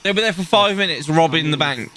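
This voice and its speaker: Bright-voiced sweary guy. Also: a little high, quick pace. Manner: sweary, animated storytelling. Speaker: podcast co-host. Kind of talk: casual chat.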